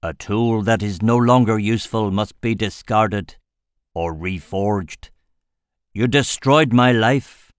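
A man voicing an old, stubborn male warrior, gruff and weary, speaking in a blunt, growling drawl. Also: on the low side, slow, no room sound, studio quality.

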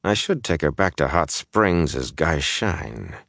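A man voicing a stern, proud desert warrior in an audiobook, speaking in a flat, clipped way. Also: very deep voice, measured pace, gravelly, no room sound, clean studio sound, exaggerated voice. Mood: angry.

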